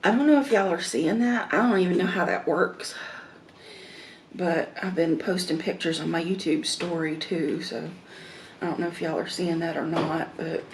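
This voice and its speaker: A woman chats casually in a slow, rambling way, trailing off into fillers as she eats. Her voice is gravelly and sits low. Faint room noise hums behind her. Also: a little mellow. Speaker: mukbang vlogger. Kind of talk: casual chat while eating.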